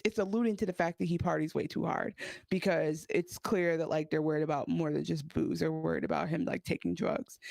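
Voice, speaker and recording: A woman's voice: lowish voice, creaky, a little mellow, no echo. A woman co-hosting a podcast, chatting casually and giving her opinions on an episode. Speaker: podcast co-host. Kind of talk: casual recap chat.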